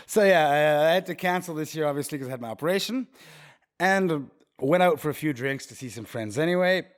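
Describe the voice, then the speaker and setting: A young man co-hosting a casual chat show, telling a story with lively voices for the people in it. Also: a little high, brisk. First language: Swiss. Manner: animated storyteller, acts out quoted voices. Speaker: podcast co-host.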